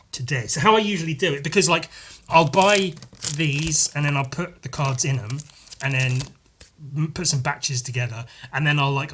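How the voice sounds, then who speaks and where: A man's voice: medium pitch, noisy background. Rambling, sweary man counting as he packs. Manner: rambling, sweary, counting aloud while packing. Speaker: podcast host. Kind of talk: casual behind-the-scenes monologue.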